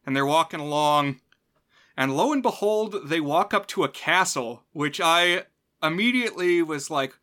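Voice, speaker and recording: A man with a bright, forceful voice, set a bit higher than most, picking apart a cheap film on a podcast. He talks in an animated, chatty way and keeps breaking into laughter mid-sentence. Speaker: podcast co-host. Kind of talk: casual film review chat.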